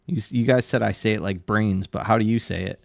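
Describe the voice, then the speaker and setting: Chatting casually with viewers on a live art stream, a tattoo artist teases them and laughs often. He talks fast in a lowish voice with vocal fry, recorded at studio quality with no room sound.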